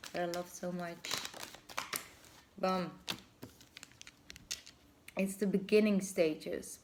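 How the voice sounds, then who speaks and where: A woman's voice: fairly low pitch, noisy background. A woman giving a casual tarot reading, effusive and thinking aloud, often breaking into laughter. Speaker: tarot reader.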